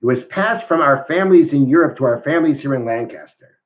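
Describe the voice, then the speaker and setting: A man voicing a calm, polite young Amish traveler in a story he reads aloud. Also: medium pitch, fast, narrow, tinny audio, close to an everyday voice. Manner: polite, apologetic.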